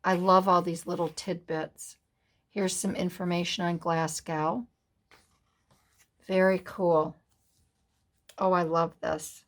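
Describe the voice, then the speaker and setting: A woman from the USA hosting a casual craft flip-through, softly gushing over each page. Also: lowish voice, little pitch movement, slow pace, long pauses. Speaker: craft vlogger.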